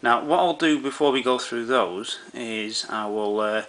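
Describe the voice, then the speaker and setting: A man with a mid-range, fairly bright voice explains camera settings step by step, speaking a little slowly. His approach to the menus is easygoing, with plenty of fillers and restarts.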